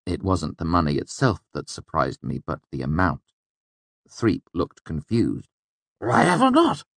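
A man's voice: extremely low pitch, measured pace, vocal fry, no room sound. A man reading a first-person novel aloud as an audiobook narrator. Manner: expressive first-person storytelling. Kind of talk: scripted narration.

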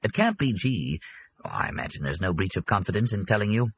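A man voicing a self-satisfied middle-aged psychiatrist who speaks in a measured, lecturing way in an audiobook. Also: fairly low pitch, big pitch swings, slight background noise.

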